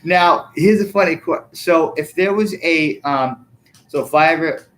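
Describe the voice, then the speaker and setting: A man's voice: fairly high pitch, measured pace, fairly bright tone. A man hosting a casual chat, asking playful questions and laughing often. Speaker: host.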